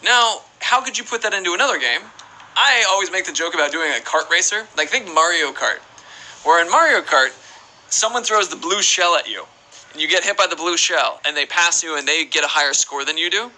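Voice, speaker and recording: A rough recording captures a young man's slightly high, animated voice, brisk and sharp-toned. He's live-streaming a game, casually chatting, reading chat aloud and playfully rambling.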